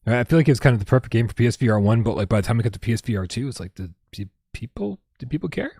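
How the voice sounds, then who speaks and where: A man's voice: mid-range voice, expressive, rapid-fire, darkish tone, breathy edge, no echo, clean studio sound. A man hosting a casual gaming livestream at home, rambling and reading out viewer tips with lots of restarts. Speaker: livestream host.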